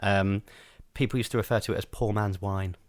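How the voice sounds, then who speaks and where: Male podcast co-host, low, dry close mic, hesitant ramble. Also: fairly even intonation, fairly quick, no echo. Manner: rambling, hesitant, many ums. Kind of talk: casual chat.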